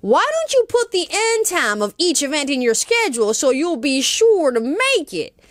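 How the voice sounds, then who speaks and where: A careful cowboy uncle from a children's storybook, read by a woman, spells out his instructions slowly and deliberately. The voice sits high and lively. The sound is close and dry. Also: no room sound. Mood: instructive. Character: cowboy uncle, rodeo champion.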